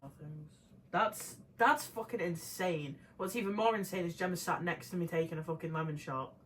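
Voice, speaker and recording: Young woman, lower voice, blunt, sweary, exasperated, casual chat, faint background noise. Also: normal speed, rough recording. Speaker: co-host.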